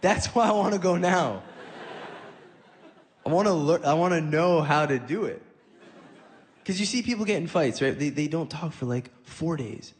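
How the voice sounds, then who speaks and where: A man's voice: a little high, big-room sound. Man telling stand-up stories. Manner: conversational storytelling, acting out dialogue. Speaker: stand-up comedian. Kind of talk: stand-up comedy set. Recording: live audience laughing.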